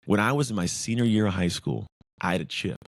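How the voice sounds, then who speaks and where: Intense low-voiced man telling stories. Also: fairly quick, no room sound. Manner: intense, emphatic, repeats phrases in lists. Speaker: podcast guest, former pro football player. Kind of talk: casual interview talk.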